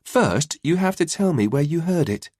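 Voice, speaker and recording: A man voicing an adult mother in audiobook dialogue, teasing and affectionate, a little higher than his narrating voice. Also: very animated, normal speed, darkish tone, dry recording, studio quality. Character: warm tired mother, adult woman.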